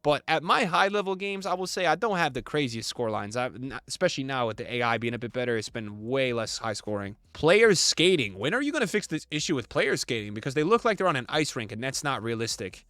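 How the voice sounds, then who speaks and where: A young man giving casual, animated reaction commentary, reading chat messages aloud and laughing often as he reacts. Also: mid-range voice, fast, hardly any pauses, dry recording. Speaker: gaming content creator.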